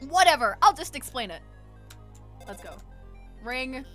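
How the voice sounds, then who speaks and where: A woman streaming a game, giving casual, excitable, rambling commentary and swearing freely. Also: high-pitched, moderate pace, soft background music.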